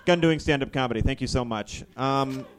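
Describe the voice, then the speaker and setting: A man doing a live stand-up set of awkward, deadpan one-liners in a ballroom venue. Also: medium pitch, brisk, a crowd in the background, noisy background. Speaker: stand-up comedian.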